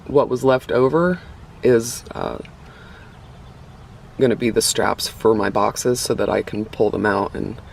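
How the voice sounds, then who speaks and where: Male vlogger, middle pitch, casual and rambling, slightly out of breath, faint noise behind. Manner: rambling, self-correcting, chatty. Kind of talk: casual build update to camera. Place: inside a vehicle being built out.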